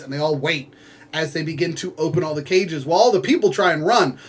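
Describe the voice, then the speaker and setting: Speaking from home, a man with a strikingly high voice gives a loose, rambling retelling of a book's story, full of filler words. Every so often he stops to toss playful side remarks to his viewers.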